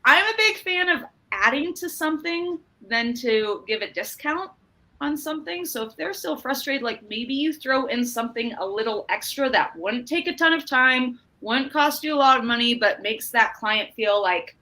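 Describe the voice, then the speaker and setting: A woman from Utah, giving a business training talk and acting out an animated story with quoted dialogue. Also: sits high, normal speed, rough recording.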